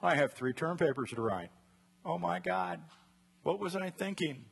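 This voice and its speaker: A middle-aged man preaching a sermon as a pastor, telling a personal story in an animated way and acting out the voices in his head. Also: fairly high pitch, normal speed, creaky, breathy edge.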